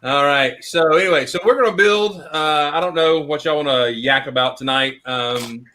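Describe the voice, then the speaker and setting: A man with a bright, forceful voice hosts a loose video chat, telling stories and laughing often. He talks into a computer mic, and a faint hiss of noise sits behind him. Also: fairly high pitch, moderate pace. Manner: laughs often, rambling storyteller. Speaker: host.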